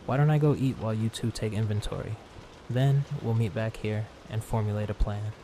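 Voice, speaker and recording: A man's voice: on the low side, fairly quick, warm tone, slight background noise, close to an everyday voice. A man voicing a weary old centaur woman. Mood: gentle. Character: gentle elderly female centaur, weary and kind. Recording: clear rain sounds behind voice.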